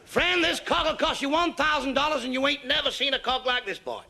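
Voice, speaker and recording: A man's voice: very high-pitched, expressive, brisk, vocal fry, background noise, pitched above the performer's own voice, exaggerated voice. A man voicing a boastful American male rancher with a drawling salesman patter in a stand-up joke.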